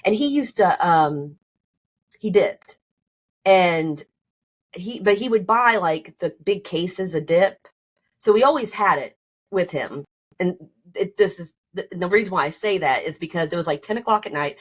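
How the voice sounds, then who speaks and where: A woman's voice: lowish voice, lively intonation, unhurried. A woman telling her own story on a podcast, casually and animatedly, full of "like" and "you know", acting out both sides of arguments in a rising voice. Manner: many fillers like "like" and "you know".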